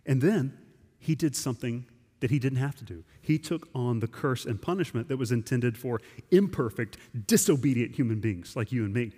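Man, pastor, mid-pitched, conversational and emphatic sermon delivery, reverberant church hall. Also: mellow, slightly rough. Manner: conversational, emphatic preaching with frequent restarts. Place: church sanctuary.

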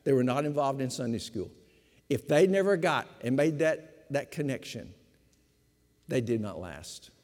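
An older man, a pastor of fifty years, preaching a sermon with emphatic repetition, slowing for stress and speeding through asides. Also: medium pitch, expressive, a little mellow. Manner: emphatic preaching, repeats key phrases, shifts between slow stress and quick asides. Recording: long hall reverb.

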